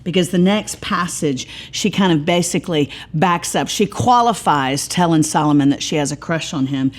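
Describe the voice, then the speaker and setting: A middle-aged woman, giving a sermon-style Bible teaching with lively storytelling and humorous asides. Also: deep voice, normal speed.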